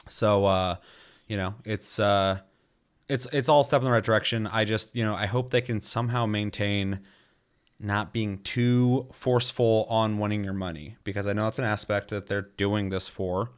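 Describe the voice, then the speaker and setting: A man's voice: lowish voice, fairly even intonation, moderate pace. A man chatting casually about a video game, loose and rambling, with lots of filler words and frequent swearing.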